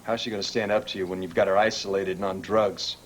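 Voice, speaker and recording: A man's voice: deep voice, steady tone, fast talker, slight background noise, lightly acted. An actor playing a defiant young man who talks in a sneering, challenging way. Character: defiant young man taking a woman away.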